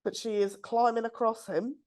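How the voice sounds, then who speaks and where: A woman's voice: fairly high pitch, fairly even intonation, normal speed, a little mellow. A woman, co-hosting a podcast and reading out a listener's story in a chatty, giggly way. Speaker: podcast co-host.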